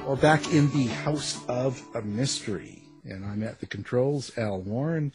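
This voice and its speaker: A man's voice: mid-range voice, measured pace, music in the background. A man hosting a radio interview show, joking around and laughing often in a loose, rambling way.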